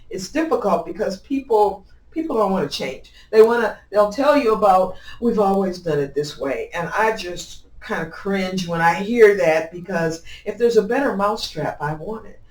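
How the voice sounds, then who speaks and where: A woman's voice: moderate pace, few pauses. A middle-aged woman from Illinois answering interview questions as a county clerk, emphatic and upbeat, often restarting her sentences. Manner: emphatic and upbeat, with lively swings in pitch and loudness and frequent restarts. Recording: echoey room, mic at a distance.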